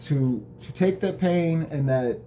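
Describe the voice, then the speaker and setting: Mellow-voiced man casually recapping an episode. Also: on the high side, slow pace, slight background noise. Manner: conversational, reflective, with occasional swearing.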